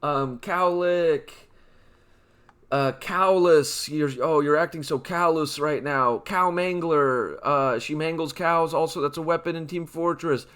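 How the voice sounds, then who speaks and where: Young man, fairly high and crisp, for a comedy list-read: stretch each name, then rattle off the punchline. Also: fairly bright tone. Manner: rambling punny asides between names; drawn-out name reads with quick offhand quips. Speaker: comedy channel host. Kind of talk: comedic list-reading of nicknames.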